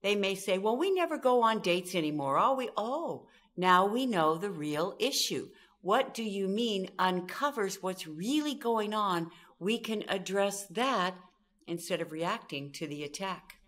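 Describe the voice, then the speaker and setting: A woman's voice: mid-range voice, unhurried. A middle-aged woman from Southern California, a communication expert giving an interview, telling stories and acting out quoted voices. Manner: animated, acts out quoted voices. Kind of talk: storytelling interview talk.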